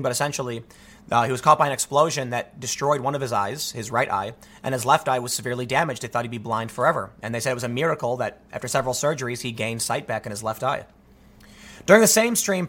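A man's voice: a little high, sharp tone. A man giving political commentary, reading news aloud and reacting emphatically with disbelief.

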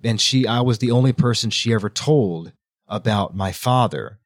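A man's voice: lowish voice, normal speed, dry recording, studio quality. A man voicing an earnest, devoted young woman soldier in a plain voice while retelling a book scene.

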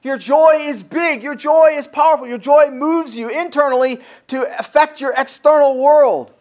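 At a moderate pace and with a very high-pitched voice, a man gives a sermon as pastor. He uses repeated rhetorical questions to make his points land and reads scripture aloud in between.

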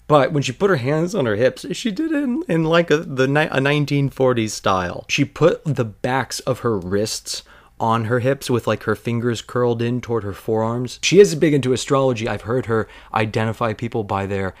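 A podcast host tells a workplace story as a monologue, rambling and digressing with wry asides. His medium-pitched voice is animated at a normal speed.

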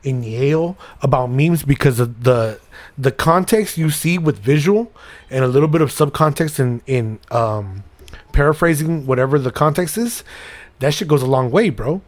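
A man co-hosting a podcast, talking in an animated, profane, rambling way. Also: medium pitch, normal speed. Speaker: podcast co-host. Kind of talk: casual chat.

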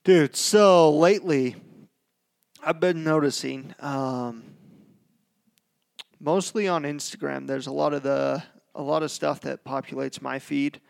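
A man's voice: on the high side, fairly even intonation, a little slow, gravelly, clean tone. A man hosting a casual podcast, talking in a laid-back way and calling his co-host dude and bro.

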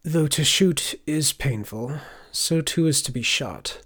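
A man's voice: fairly high pitch, animated, slow pace, fairly bright tone, husky, exaggerated voice. A man voicing a scheming older tracker who speaks in a sly, raised voice. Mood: menacing.

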